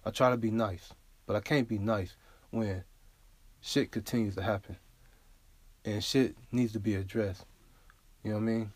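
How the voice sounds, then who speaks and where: Low-voiced man ranting bluntly, dry sound. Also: steady tone, normal speed, pauses often, no room sound. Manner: blunt, profane and unfiltered; casual, with frequent "you feel me?". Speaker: podcast host. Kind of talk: solo podcast rant.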